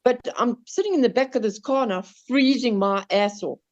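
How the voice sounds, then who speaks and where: A man with a South African accent, casually telling a story on a podcast, animated, swearing and stumbling over his words. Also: very high voice, normal speed. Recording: slightly dull lo-fi sound.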